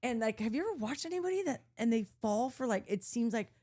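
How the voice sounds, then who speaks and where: A woman's voice: fairly high pitch, fast. A woman podcast host telling a story in casual chat, acting out what people said, swearing and laughing often. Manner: animated, acts out quotes, swears, laughs often.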